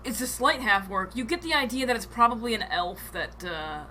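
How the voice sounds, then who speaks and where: A woman narrating a tabletop game as game master, pausing often with ums and restarts. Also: a little high, lively intonation, pushed and bright, slight background noise, rough recording. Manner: hesitant, with many ums and restarts.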